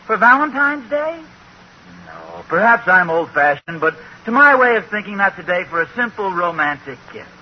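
An actor playing a bumbling, evasive husband in a 1940s radio sitcom, hesitant and stammering. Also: male voice, sits high, sing-song, normal speed, slightly rough, full character voice. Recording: dull, faintly hissy old radio recording.

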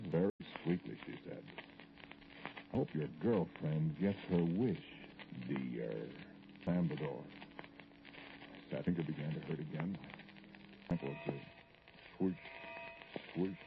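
A man's voice: extremely low pitch, highs cut off. An actor playing a haunted, brooding middle-aged man in a 1940s radio drama, narrating intensely to an unseen listener, on a hissy old broadcast recording.

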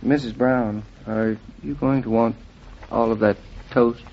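A man's voice: mid-range voice, steady tone, unhurried, muffled recording, natural voice. A man playing a teasing young husband. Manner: joking, teasing banter.

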